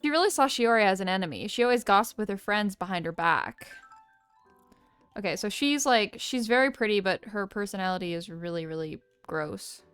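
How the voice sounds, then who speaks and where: A woman's voice: mid-range voice, a little fast, a bit bright, clean tone, no room sound, faint music behind. A woman chatting casually and bluntly while playing a game, swearing freely. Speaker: co-player. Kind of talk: casual gameplay chat.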